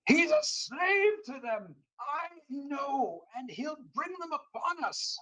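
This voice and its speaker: A man's voice: very high-pitched, big pitch swings, slow pace, bright, forceful tone, voice pushed up, full character voice, rough recording. A man voicing a livid, paranoid man who screams warnings and accusations.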